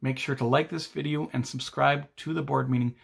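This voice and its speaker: A man narrates short board game reviews from a script, his voice sitting at an ordinary middle pitch. He reads in a steady, matter-of-fact way, like a channel host giving ratings. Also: brisk, vocal fry, breathy edge.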